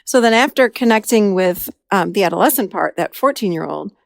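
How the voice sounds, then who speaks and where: A woman's voice: mid-range voice, brisk, creaky, dry recording, studio quality. A woman therapist hosting a podcast, telling a client's story casually and acting out the dialogue in a raised voice. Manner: animated, acts out dialogue in a raised voice.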